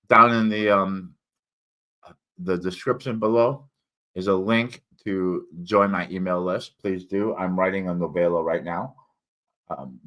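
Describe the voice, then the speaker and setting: Low American male host, bright tone, rambling solo-stream chatter, slightly impaired enunciation. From United States. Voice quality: slightly impaired enunciation after tongue cancer. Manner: digressive, many fillers and restarts. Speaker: independent author and solo livestream host. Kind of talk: rambling solo livestream chat.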